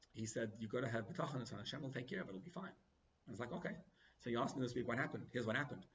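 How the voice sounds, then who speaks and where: A male rabbi tells his story at a rapid clip, leaping up and down in pitch as he acts out each exchange. His voice sits mid-range. The recording is a little dull, with faint ambience behind him. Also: a little hiss or hum. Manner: animated, acts out dialogue with big pitch swings. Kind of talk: storytelling sermon.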